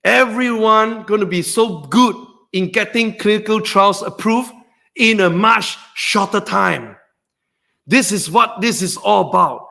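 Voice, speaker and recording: A man with a very high, bright voice hosts a trading webinar like a motivational speaker. He whoops and shouts to hype up his points, then drops into a low, earnest tone for the serious parts. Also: creaky. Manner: excitable, shouts and whoops for emphasis. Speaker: stock trading webinar host.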